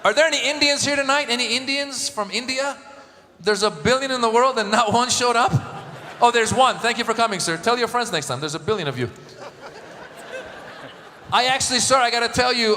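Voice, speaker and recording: Bright high-voiced male stand-up comic. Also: a little hiss or hum. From Iran. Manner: animated, joking with the crowd, acting out voices. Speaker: stand-up comedian. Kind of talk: stand-up comedy set. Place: large event hall with a live audience. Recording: echoey live hall, crowd.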